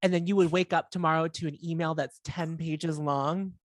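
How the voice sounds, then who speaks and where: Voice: mid-range voice, fairly even intonation, normal speed, no room sound, clean studio sound. A person in casual conversation, blunt and wry, laughing often between remarks. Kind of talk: casual chat.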